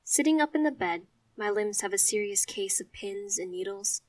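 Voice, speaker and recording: Expressive woman narrating a story. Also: mid-range voice, normal speed, no echo, far from the mic. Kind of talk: first-person story narration.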